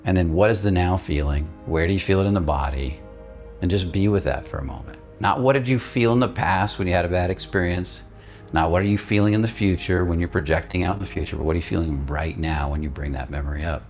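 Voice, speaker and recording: A male coach giving a guided instructional talk, calm and steady, stressing key words by repeating them. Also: sits low, quick pace, faint music behind. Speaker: emotional release coach.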